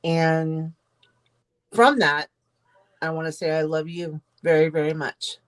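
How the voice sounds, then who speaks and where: A low-pitched woman co-hosts a podcast in relaxed conversation. She tells her story earnestly and speaks warmly of her co-host. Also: slow. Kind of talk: casual chat.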